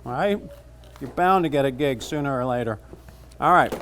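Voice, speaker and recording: A man's voice: medium pitch, expressive, moderate pace, a bit bright, a little hiss or hum. A man teaching a cooking class, chatting casually and joking as he cooks. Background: frying and sizzling.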